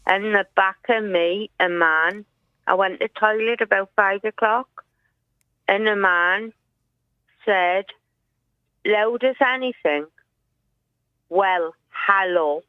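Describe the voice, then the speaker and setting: A woman's voice: medium pitch, slow, pauses often, smooth, dry recording. A frightened woman, calling in to a radio phone-in and talking in an anxious, rambling, pleading way. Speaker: caller. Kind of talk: phone-in call. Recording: tinny phone line.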